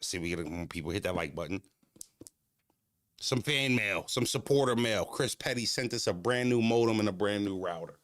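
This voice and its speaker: A man's voice: lowish voice, normal speed, fairly bright tone. A man, chatting casually as a streamer reacting to clips, laid-back and freely swearing.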